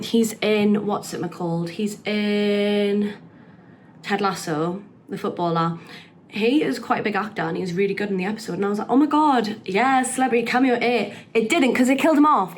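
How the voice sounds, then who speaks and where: A young woman holds forth in a casual podcast, blunt and animated. She tosses off opinions with easy swearing and a conversational, offhand rhythm. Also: medium pitch. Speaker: podcast regular.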